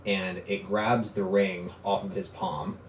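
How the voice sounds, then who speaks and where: A man narrating a tabletop game as game master, animated and joking, often laughing. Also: deep voice, takes it slowly, roomy sound, slight background noise, low-quality recording.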